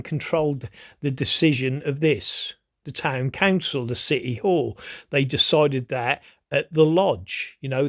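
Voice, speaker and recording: A man, hosting his own video in a rambling, profane monologue that keeps asking "you know what I mean". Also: a little high. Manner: grows agitated and heated. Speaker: video host.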